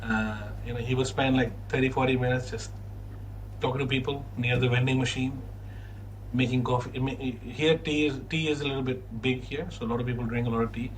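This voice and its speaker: A man hosting a casual podcast, telling stories in an animated way and laughing often. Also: mid-range voice, brisk, a little hiss or hum, rough recording. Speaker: podcast host. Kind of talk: casual chat.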